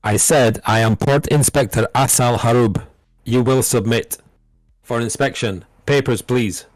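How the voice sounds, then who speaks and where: A man's voice: medium pitch, normal speed, natural voice. A man voicing a stern, officious woman port inspector in a tabletop game, giving clipped formal commands. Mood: commanding.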